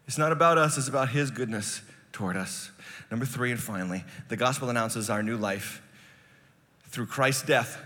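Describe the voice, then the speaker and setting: A middle-aged male pastor preaching a sermon, telling stories and building to loud, emphatic preaching. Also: medium pitch, fairly quick, big-room sound.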